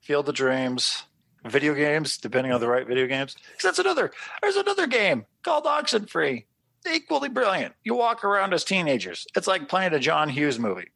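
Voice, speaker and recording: Gravelly-voiced guy on a podcast, animated and sweary, acting out his reactions, dry close mic. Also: a little high, a little fast, dry recording. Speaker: podcast co-host. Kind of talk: casual chat.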